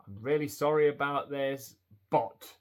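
A man, hosting his own podcast and telling a shopping story in a chatty, animated way, full of quoted voices and restarts. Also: medium pitch, unhurried. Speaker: podcast host; retail manager. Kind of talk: casual storytelling monologue.

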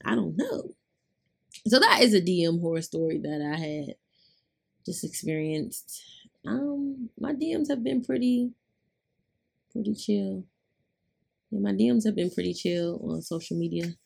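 A woman's voice: medium pitch, lively intonation, a little slow, gravelly, long pauses, darkish tone, husky. A young adult woman, hosting a podcast and retelling a story in casual chat, laughing often. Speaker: podcast host.

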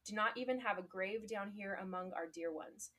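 A woman's voice: mid-range voice, moderate pace, sharp tone. A woman reading aloud the lines of a solemn old mermaid grandmother from a fairy tale, in a plain read-aloud delivery.

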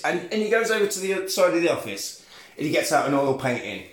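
A man's voice: fairly high pitch, fast talker. A man comically retelling a film plot, swearing and acting out the characters. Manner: animated storytelling, swears, acts out characters. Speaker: podcast host. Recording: roomy echo.

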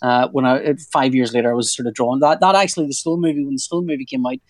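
A man's voice: mid-range voice, steady tone, very fast, no echo. A man in his forties, a comic artist talking casually in an interview, rambling and restarting his sentences with a joking streak. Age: 40s. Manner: rambling, self-interrupting, jokey.

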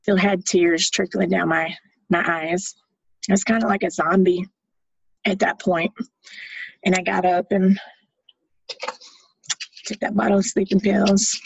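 Middle-aged woman telling her own story plainly; husky, gravelly voice, dry dull lo-fi recording. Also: medium pitch, little pitch movement, a little slow, long pauses, dry recording. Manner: candid, plain-spoken. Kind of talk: personal testimony.

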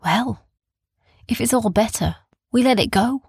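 A woman voicing a friendly, brisk woman who runs an animal rescue sanctuary, with a gravelly, husky voice in a dry, close recording. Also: a little high, darkish tone, no room sound, voice pushed up, full character voice. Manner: friendly, brisk, calls people love. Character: cheerful adult woman running an animal rescue.

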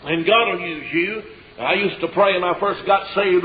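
A Southern evangelist with an East Tennessee accent preaches a revival sermon in a fairly high voice, telling folksy stories and breaking into shouts. The live church recording is dull and lo-fi, with a congregation calling out amens behind him. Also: male voice, moderate pace, a crowd in the background. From Tennessee, USA. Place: church service before a congregation.

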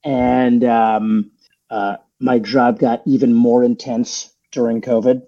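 A man chats as a guest on a podcast, rambling through his story with plenty of fillers and restarts. His voice is mellow and relaxed. The audio is dull and a little lo-fi. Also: medium pitch, slow, creaky. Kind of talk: casual podcast chat.

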